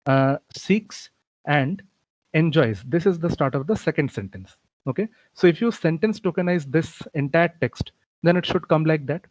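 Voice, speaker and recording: A man's voice: a little high, lively intonation, normal speed, no room sound. A man giving a recorded programming lecture, explaining step by step with frequent "okay" and "uh" fillers. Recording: dull, lo-fi dry recording.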